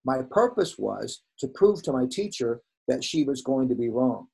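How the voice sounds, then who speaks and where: A man's voice: medium pitch, moderate pace, gravelly, breathy edge. A man in his sixties, a veteran hairdresser, telling stories from his career in a casual conversation and acting out the dialogue. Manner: animated, acts out quoted dialogue.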